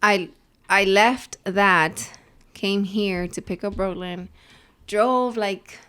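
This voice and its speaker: Woman, young adult, podcast co-host, casual rambling chat, Spanish phrases mixed in, medium pitch. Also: fairly even intonation, slow pace, fairly bright tone, clear, resonant tone.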